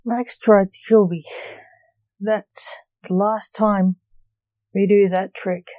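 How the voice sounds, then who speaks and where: A woman's voice: medium pitch, little pitch movement, takes it slowly, dark tone, dry recording, natural voice. A woman voicing a bossy vampire father magician who talks curtly and with dry wit, in a storybook reading. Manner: curt, commanding.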